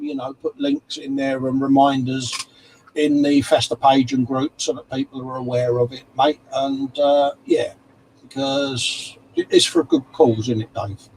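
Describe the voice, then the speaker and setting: A man's voice: mid-range voice, darkish tone, a little hiss or hum, rough recording. A man co-hosting a casual livestream chat, reading out viewer comments and calling everyone mate. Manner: chatty, calls everyone mate. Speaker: livestream co-host.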